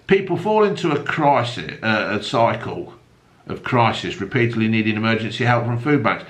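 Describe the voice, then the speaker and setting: A man's voice: fairly low pitch, animated, normal speed, fairly bright tone. A man casually reading out newspaper stories, breaking off into crude, mocking rants with heavy swearing. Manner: swears heavily, mocking asides. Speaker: newspaper review host.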